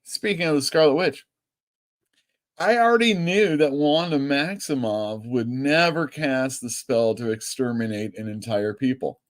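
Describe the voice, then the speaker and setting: A man who owns a comic store, chatting loosely on a live stream, rambling and swearing casually. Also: mid-range voice. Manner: chatty and rambling, swears freely, quick laughs. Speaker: comic store owner and show host.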